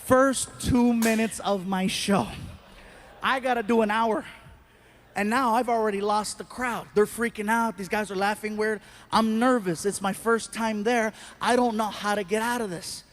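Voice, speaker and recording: A male stand-up comedian telling an animated story on a live stage, slipping into put-on voices. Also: high-pitched, normal speed. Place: live stage before a large laughing crowd.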